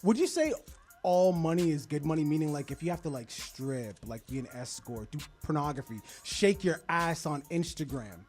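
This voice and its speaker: A man's voice: fairly high pitch, animated, moderate pace, darkish tone, soft background music. A man co-hosting a radio interview, asking blunt, probing questions. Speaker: radio co-host.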